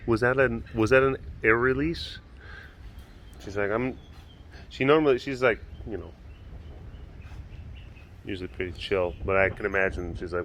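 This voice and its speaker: A man hosts an outdoor webcast from a big cat compound, chatting to camera as he strolls past the enclosures. His slightly bright voice moves at a moderate pace with long pauses, over slight background noise. He laughs often, coos at the cats in a high, doting baby voice, and makes playful asides voicing the animals.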